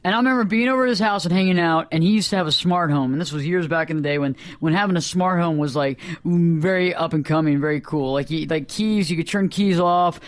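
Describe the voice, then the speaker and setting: A man hosting a radio talk show, telling anecdotes in lively casual chat and acting out the people in them. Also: fairly high pitch, quick pace, few pauses, smooth, dry recording. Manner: animated, acts out voices in anecdotes.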